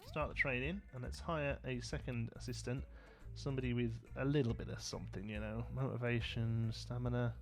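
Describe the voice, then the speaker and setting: A man's voice: medium pitch, steady tone, brisk, hardly any pauses, soft background music. A man from Birmingham with a Brummie accent, hosting a live gameplay stream in a casual, chatty way, laughing often and answering viewer comments. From Birmingham, England. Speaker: livestream host.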